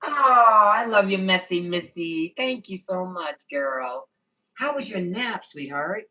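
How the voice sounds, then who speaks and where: A woman's voice: medium pitch, expressive, takes it slowly, sharp tone. A woman hosting a casual livestream, greeting viewers by name and answering the chat on her phone. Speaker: livestream host.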